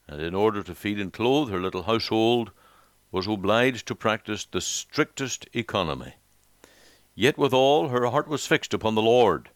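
A male preacher telling an illustrative story in a measured, solemn sermon style. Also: fairly low pitch, a bit bright, no echo.

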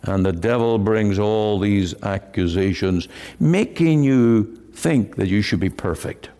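A man's voice: on the low side, a little slow, dark tone. A man preaching a sermon in an earnest, emphatic way. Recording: long hall reverb.

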